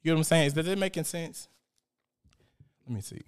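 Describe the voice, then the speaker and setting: A young man hosts a casual live stream, talking in an animated, profane way and reading out viewer comments. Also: fairly high pitch, a little fast, clear, resonant tone. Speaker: host.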